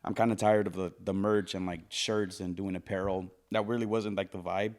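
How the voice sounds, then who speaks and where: A man's voice: deep voice, flat delivery, brisk, darkish tone. A man hosting a podcast in casual chat, laughing often, swearing freely and gushing over his guests. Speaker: podcast host.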